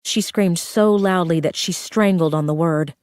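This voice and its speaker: A woman's voice: fairly low pitch, normal speed, a little mellow, no room sound, studio quality. A woman narrating a thriller audiobook with a tense, urgent reading.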